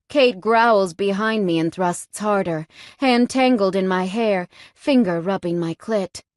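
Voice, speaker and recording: Woman reading a romance audiobook, soft intimate delivery, mid voice, dead dry sound. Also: medium pitch, no echo. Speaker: audiobook narrator. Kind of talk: scripted first-person novel narration.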